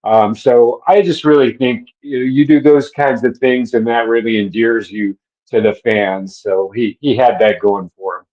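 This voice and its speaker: A middle-aged man from Minneapolis, a stadium announcer, telling relaxed stories in a casual interview with soft laughs and fillers. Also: medium pitch, moderate pace. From Minneapolis, USA. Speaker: public address announcer. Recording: dull lo-fi audio.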